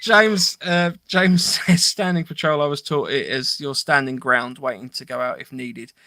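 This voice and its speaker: A man's voice: medium pitch, normal speed, sharp tone, dry recording. A man co-hosting a podcast, chatting casually and reading listener comments aloud, laughing easily. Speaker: podcast co-host.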